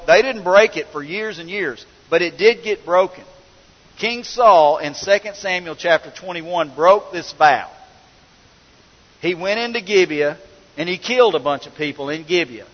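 Folksy preacher in an echoey hall. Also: male voice, on the high side. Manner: folksy storytelling, swelling to emphatic preaching. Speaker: pastor. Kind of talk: sermon. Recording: echoey church hall, dull lo-fi sound.

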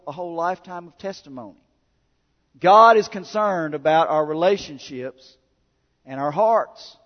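High-voiced male pastor preaching in a reverberant hall. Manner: builds from quiet asides to loud repeated exhortations. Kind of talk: sermon. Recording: dull sound with long hall reverb.

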